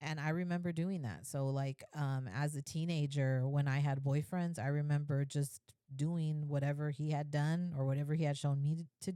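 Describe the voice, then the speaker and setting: Woman, 30s, low warm voice, earnest and gentle, talking straight to camera, dry close sound. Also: no room sound. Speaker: faith vlogger sharing her story. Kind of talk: heartfelt personal talk to camera.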